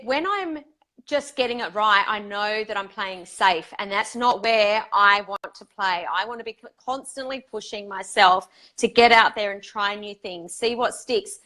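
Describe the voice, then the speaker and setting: A woman's voice: medium pitch, fairly bright tone. A woman hosting a conversational interview, affirming her guest and sharing her own stories. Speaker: podcast host.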